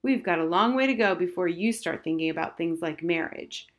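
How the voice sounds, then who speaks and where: A woman's voice: on the low side, animated, brisk, lightly acted. A woman voicing an airy, absent-minded mother who calls people dear, in a storybook reading. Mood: breezy.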